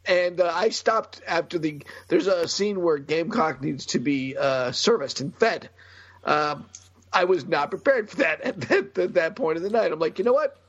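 A man co-hosting a casual comics podcast, jokey and animated, laughing often. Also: on the high side, moderate pace, dry recording, highs cut off. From United States. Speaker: podcast co-host. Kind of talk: casual chat about comics.

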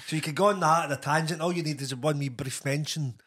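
Man, podcast co-host, slightly high voice, blunt and sweary banter. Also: fast talker, a bit bright. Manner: blunt, sweary, says "aye" a lot. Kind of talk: casual chat.

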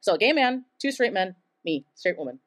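A woman's voice: medium pitch, big pitch swings, fairly quick. A young woman from Taiwan telling a story on stage at a live event, chatty and casual, full of "like" and laughing often. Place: live event in front of an audience.

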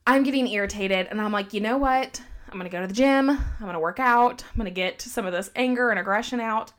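Chatty woman telling a story, lots of "like". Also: fairly high pitch. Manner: animated, heavy use of "like", quotes people in her own voice. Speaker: podcast guest telling a story. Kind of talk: casual storytelling chat.

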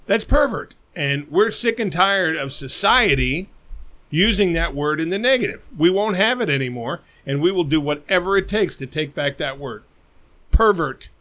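A man co-hosts a crude, casual podcast, pitched a bit above the usual male range. He talks bluntly and profanely, treating silly ideas like a serious cause. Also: lively intonation, moderate pace, bright, forceful tone. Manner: blunt, profane, mock-crusading. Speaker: podcast co-host.

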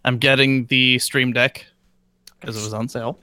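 A man's voice: mid-range voice, level tone, moderate pace, bright, forceful tone, dry recording, studio quality. A man co-hosting a gaming stream in easygoing casual chat. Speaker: co-host.

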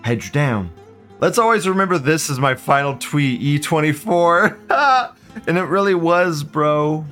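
A man hosting a live stream, ranting fast and profanely while mocking what he reads. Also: on the high side, a bit bright, faint music behind. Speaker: streamer host. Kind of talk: casual live-stream rant.

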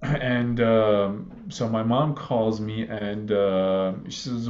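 A man in his thirties from Iraq, a guest calmly telling a personal story in a halting way, with many fillers, on a slightly muffled recording. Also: lowish voice. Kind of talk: conversational storytelling. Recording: slightly dull, muffled audio.

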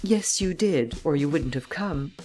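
A man reading an audiobook, voicing a calm, commanding gentleman adventurer who talks with a mocking edge. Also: on the high side, measured pace, faint music behind.

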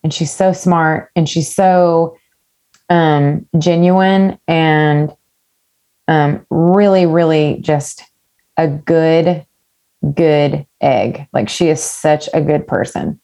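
A woman with a slightly low voice, chatting as a singer-songwriter guest. She tells her story in a candid, rambling way and swears without a second thought. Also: slow pace, warm tone. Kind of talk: casual interview chat.

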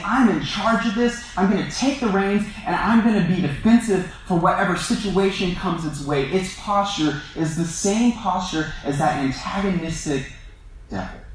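A man's voice: high voice, a little hiss or hum. Echoey, distant man preaching casually. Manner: conversational, self-deprecating, many "like" and "um" fillers. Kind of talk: sermon. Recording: echoey room, voice from far off.

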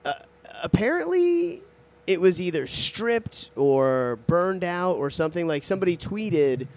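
A man's voice: high-pitched, big pitch swings, measured pace. A man in casual podcast chat, reading out a news story with laughs and asides. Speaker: podcast co-host.

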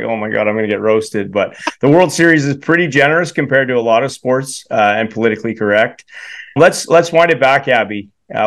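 A man's voice: mid-range voice, a bit bright. A man co-hosting a casual interview, joking at his own expense and chuckling as he asks questions. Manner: self-deprecating, chuckles while asking. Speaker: podcast co-host.

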